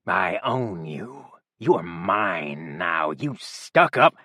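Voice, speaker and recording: A man reading an audiobook, voicing a violent, menacing male attacker who snarls and shouts his threats. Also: low-pitched, big pitch swings, takes it slowly, no room sound, studio quality, heavily acted.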